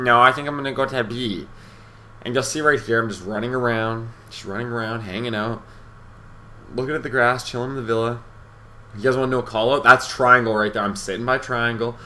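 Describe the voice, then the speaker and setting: A man's voice: mid-range voice, fairly quick, bright, forceful tone. A young man giving casual, rambling commentary over gameplay, brash, boastful and full of swearing. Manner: rambling, with many fillers and restarts. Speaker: gaming commentator.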